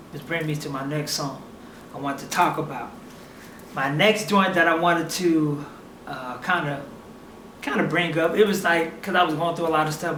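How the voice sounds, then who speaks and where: A young man casually telling a personal story, animated and acting out what others said. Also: fairly high pitch, a little hiss or hum. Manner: animated, acts out other people's lines in quotes. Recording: echoey room, mic at a distance.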